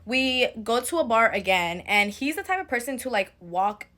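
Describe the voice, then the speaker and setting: A young woman tells a story to camera in a casual, sassy vlog style. Her voice is bright and forceful and sits a little high, and she swears freely as she vents. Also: animated, normal speed. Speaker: storytime vlogger.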